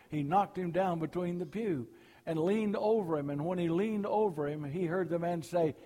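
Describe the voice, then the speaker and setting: A man's voice: sits high, unhurried, mellow, in a large hall. An older man from Alabama, a preacher giving a folksy sermon full of jokes at a church meeting. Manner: folksy, storytelling.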